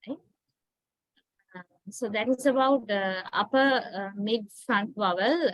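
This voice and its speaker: A woman's voice: mid-range voice, slow pace, pauses often, no room sound, poor audio. A Sri Lankan woman lecturing on English phonetics, explaining step by step with frequent tag questions and fillers. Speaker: university lecturer.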